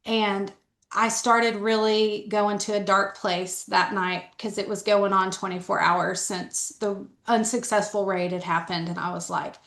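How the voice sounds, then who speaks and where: A woman's voice: mid-range voice, level tone, a little slow, creaky, a bit bright, reverberant. A middle-aged woman telling her story candidly as a podcast guest, talking earnestly with a lot of "like" fillers. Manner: earnest, conversational, frequent "like" fillers.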